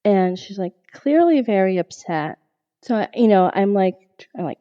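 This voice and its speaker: Animated woman telling a story, muffled. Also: mid-range voice, measured pace. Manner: animated, quotes her own past thoughts. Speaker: podcast guest, therapist. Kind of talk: storytelling in a podcast interview.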